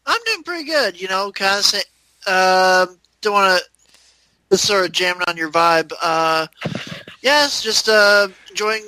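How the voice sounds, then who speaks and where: Laid-back male co-host, high and very bright; easy rambling talk. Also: expressive, unhurried, no echo, low-quality recording. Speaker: podcast co-host. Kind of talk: casual chat.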